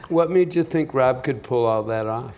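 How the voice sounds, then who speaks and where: A man's voice: mid-range voice, normal speed, very noisy. A man interviewing a film director in a casual, joking manner.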